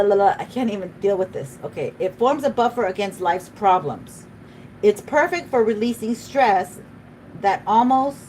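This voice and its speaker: A woman's voice: mid-range voice, darkish tone, a little hiss or hum, poor audio. A woman doing a live tarot reading, chatty and emotional, often laughing and speaking to spirit. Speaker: tarot reader.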